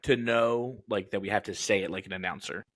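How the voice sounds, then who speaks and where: A man co-hosting a podcast, answering trivia in a casual chat with quick, jokey guesses and short agreements. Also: lowish voice, a bit bright, no room sound, clean studio sound.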